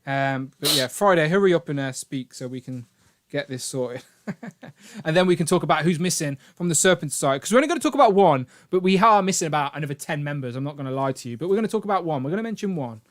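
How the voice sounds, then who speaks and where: A man's voice: on the high side, lively intonation, fast. Joking man hosting a live stream. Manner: jokey, rambling, laughs often. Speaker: co-host of toy collecting live stream. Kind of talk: casual live-stream chat.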